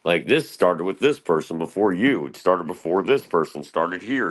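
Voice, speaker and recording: A man's voice: animated, normal speed, hardly any pauses. A man talking in a rambling, profane monologue on his own stream, restless and jumping between thoughts. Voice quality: gravelly, very deep.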